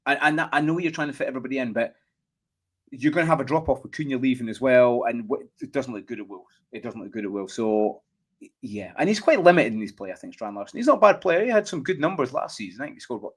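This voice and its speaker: A Scottish man with a mid-range voice hosts a laid-back football chat. He talks in a lively, animated way, often checking in with his co-host. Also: mid-range voice, fast. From Scotland. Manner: animated, repeats "do you know what I mean". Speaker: podcast host. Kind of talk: casual chat.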